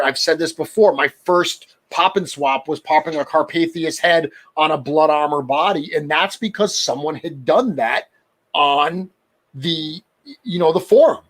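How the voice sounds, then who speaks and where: A middle-aged man with a New England accent, hosting a casual podcast chat and laughing at himself now and then. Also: fairly high pitch. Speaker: podcast host. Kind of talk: casual chat about toy collecting.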